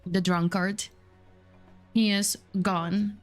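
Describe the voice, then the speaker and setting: A woman runs a tabletop game, describing the scene in a chatty, descriptive way. She talks at a mid pitch and often pauses with fillers, while faint music plays underneath. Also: level tone. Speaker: game master.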